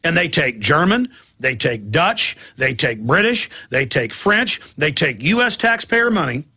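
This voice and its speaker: Middle-aged guy ranting on his radio show, kinda high voice, real bright and sharp. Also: sing-song, a little slow, breathy edge. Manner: impassioned, ranting, mimics opponents' voices. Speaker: radio host. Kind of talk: talk radio monologue.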